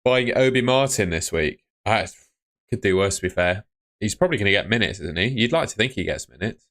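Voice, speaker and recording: A man's voice: fairly low pitch, lively intonation, fairly quick, fairly bright tone, no echo, clean studio sound. A young man hosting a live stream, chatting casually and muttering to himself as he sorts things out on his phone. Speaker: livestream host.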